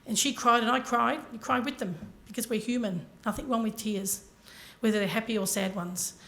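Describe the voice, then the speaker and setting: A woman's voice: fairly high pitch, brisk, a bit bright. A woman giving a motivational talk to a conference audience, telling her story earnestly and speaking directly to the listeners. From Ireland.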